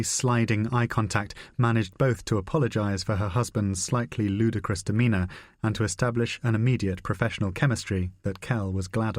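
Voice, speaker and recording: A man reading a spy novel aloud in a measured, dry narration. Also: on the low side, no echo. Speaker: audiobook narrator. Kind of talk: scripted narration.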